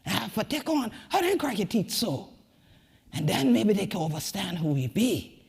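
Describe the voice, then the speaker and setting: A woman with a Gullah Geechee accent, from the Sea Islands, giving a rhythmic spoken-word keynote that swings between whispers and shouts. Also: mid-range voice, very animated, moderate pace, vocal fry, slightly rough, big-room sound. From Sea Islands of the American Southeast. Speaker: community leader and keynote speaker.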